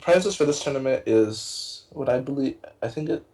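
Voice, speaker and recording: Rambling excitable young male caster. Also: mid-range voice, normal speed, poor audio. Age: young adult. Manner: rambling, excitable, many fillers and restarts. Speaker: tournament co-caster. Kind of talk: casual esports casting.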